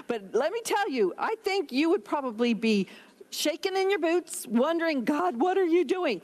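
Woman pastor, high voice, emphatic sermon delivery with scripture reading. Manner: emphatic preaching, reads scripture aloud.

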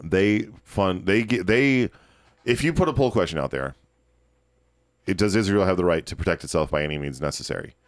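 Low-voiced man ranting. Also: no room sound, clean studio sound. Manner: animated, ranting, quick restarts. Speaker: podcast host. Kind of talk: opinionated podcast commentary.

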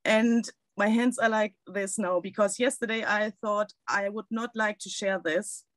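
A woman's voice: mid-range voice, fairly even intonation, measured pace, no room sound. A woman guest on a podcast, speaking thoughtfully and searching for her words. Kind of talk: casual chat.

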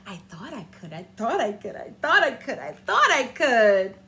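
A woman voicing a very little blue female engine that is kind and determined and speaks softly and earnestly. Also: on the high side, very animated, normal speed, pitched below the performer's own voice, heavily acted.

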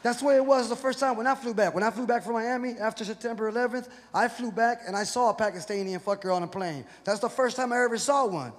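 A man's voice: very high voice, fast, few pauses. A man from Houston, Texas, performing a profane, punchy stand-up comedy set on stage. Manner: profane, rowdy, punchy delivery. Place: comedy stage before a live audience. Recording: live venue with long reverb and crowd noise. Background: audience laughter and hall ambience.

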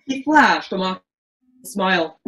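A woman's voice: mid-range voice, lively intonation, takes it slowly, fairly bright tone, low-quality recording. Woman narrating a campy virtual play. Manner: melodramatic reading with frequent slips and restarts.

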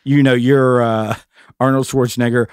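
A man's voice: mid-range voice, little pitch movement, normal speed, a little mellow, smooth, dry recording, clean studio sound. A man co-hosting a casual comedy podcast, talking in a laid-back joking way. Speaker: co-host.

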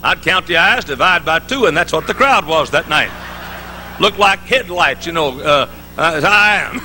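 A middle-aged preacher delivers a sermon in a large hall, spinning folksy stories full of jokes and restarts. His voice sits high. His delivery is sharp and forceful. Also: a little hiss or hum. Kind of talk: live conference sermon.

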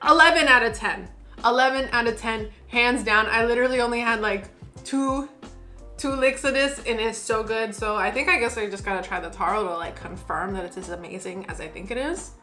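Young american girl reviewing snacks, super bright voice, gushy and playful. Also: on the high side, moderate pace, soft background music. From United States. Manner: effusive, gushing and playful. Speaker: food vlogger. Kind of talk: casual taste-test vlog.

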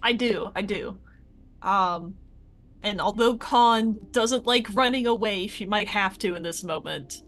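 Slow-talking woman tabletop player. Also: medium pitch. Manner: slow, thinks aloud, trails off softly. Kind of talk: playing an online tabletop game.

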